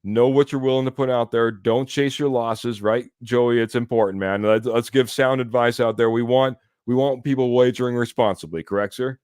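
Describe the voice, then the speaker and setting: A man's voice: medium pitch, fairly even intonation, normal speed, hardly any pauses, darkish tone, clear, resonant tone, no echo, studio quality. A man co-hosting a casual sports podcast, upbeat and chatty, tossing "man" into nearly every sentence. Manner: upbeat, says "man" a lot. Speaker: podcast co-host.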